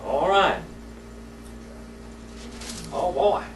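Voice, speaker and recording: A man's voice: high voice, very animated, very slow, soft background music. Folksy male Bible teacher, echoey room. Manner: folksy storytelling, asks the class questions. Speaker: Sunday School teacher. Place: church classroom. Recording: echoey room, mic far off.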